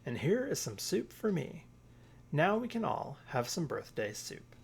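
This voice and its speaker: A man reading a storybook aloud, voicing an eager, excitable little bear cub. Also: fairly high pitch, measured pace, vocal fry, breathy edge, exaggerated voice. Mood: cheerful.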